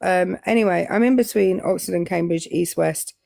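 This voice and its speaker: A woman's voice: fairly low pitch, normal speed, vocal fry, mellow, no room sound, clean studio sound. A woman with a Southern English accent co-hosting a live stream, chatting casually and rambling with many ums and uhs. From England. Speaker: co-host.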